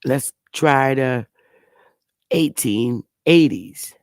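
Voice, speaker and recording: Woman livestream host, slow and unhurried, blunt and profane, quick to exclaim, dry close sound. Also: rumbling low, expressive, a little mellow, no room sound. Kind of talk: casual livestream commentary.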